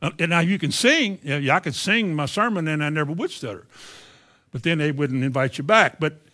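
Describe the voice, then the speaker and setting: A man's voice: a little high, expressive, fairly quick, pushed and bright. Preacher telling his story. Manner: storytelling, stammers on words. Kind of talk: sermon with personal testimony.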